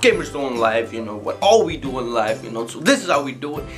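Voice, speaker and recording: A man's voice: mid-range voice, big pitch swings, fast, faint music behind. A young man hosting a casual gaming video, rambling with lots of "you know" fillers. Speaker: video host. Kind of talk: casual vlog talk to camera.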